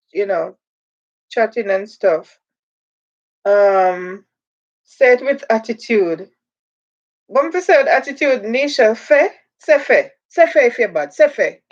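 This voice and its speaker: A woman with a Jamaican accent hosting a casual livestream, reading viewer comments aloud and slipping into patois. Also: medium pitch. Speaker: livestream host. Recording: dull lo-fi livestream audio.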